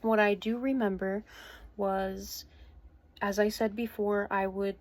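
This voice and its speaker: A woman in her twenties speaks to camera from her bedroom at home, telling a personal story. Her voice sits at an ordinary mid pitch. She talks in an earnest, halting way, pausing and starting sentences over as she goes. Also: level tone, darkish tone, no room sound. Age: 20s. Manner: hesitant and earnest, with many pauses and restarts. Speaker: vlogger.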